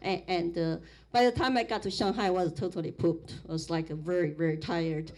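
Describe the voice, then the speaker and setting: A middle-aged woman from Sichuan with a Chinese accent, telling her life story in a public talk, animated, with frequent restarts. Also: fairly low pitch, a little fast. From Sichuan, China. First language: Mandarin Chinese.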